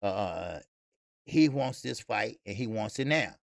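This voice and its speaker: A man's voice: lowish voice, lively intonation, measured pace, vocal fry, dry recording, clean studio sound. A man hosting a casual boxing livestream who talks bluntly and profanely, laughs often and rambles with lots of fillers while reading viewers' chat. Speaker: boxing channel host.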